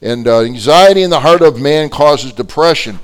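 A man's voice: a little high, lively intonation, normal speed, clean tone. A man teaching an adult Bible class as a pastor, telling stories animatedly with many fillers and restarts.

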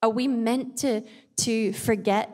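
A woman's voice: a little high, fairly even intonation, slow, darkish tone. A mother giving an earnest, chatty Bible devotional talk with self-aware asides. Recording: long hall reverb.

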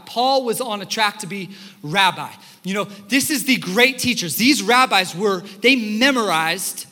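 A young adult man preaching a sermon as a pastor in a church, telling stories in an animated way and acting out the quotes. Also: sits high. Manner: animated storytelling, acts out quotes. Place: church sanctuary. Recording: hall reverb.

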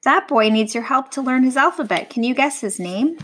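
Gentle teacherly letter lady, storybook reading, voiced by a woman, slightly high. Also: lively intonation, normal speed, slight background noise. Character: kindly female capital letter, teacherly.

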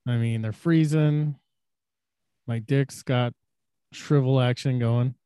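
Young male podcaster, loose and vulgar, dry close mic, acts out yelled lines. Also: medium pitch, fairly even intonation, slow, smooth, no room sound. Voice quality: loose and profane, acts out shouted quotes. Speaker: podcast co-host. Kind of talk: crude casual storytelling.

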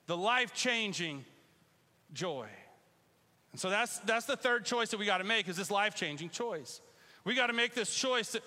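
Animated preacher with a bright, high voice. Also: male voice, long reverb tail. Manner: conversational and animated, with bursts of loud call-and-response. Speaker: pastor. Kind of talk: sermon. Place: church sanctuary.

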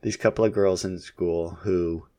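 A man in his thirties, a podcast co-host, casually chatting about his kids in a relaxed, rambling way with lots of fillers. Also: low-pitched, a little slow. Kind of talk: casual chat about family.

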